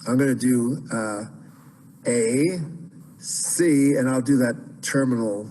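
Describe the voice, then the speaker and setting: A man's voice: medium pitch, slow pace, dark tone, in a large hall, rough recording. A man teaching Byzantine chant in an online class, explaining casually with many fillers and restarts.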